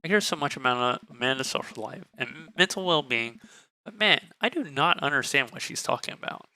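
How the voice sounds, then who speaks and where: A man's voice: mid-range voice, animated, a little fast, pushed and bright, no room sound. A male streamer reading a dating game aloud in a candid, joking way.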